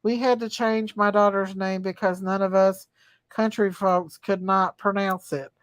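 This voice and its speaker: A woman's voice: medium pitch, steady tone, a little slow, dry recording, studio quality. A woman hosting a casual livestream, chatting folksy with viewers and singing to them. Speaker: livestream host reading chat. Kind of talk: casual live chat.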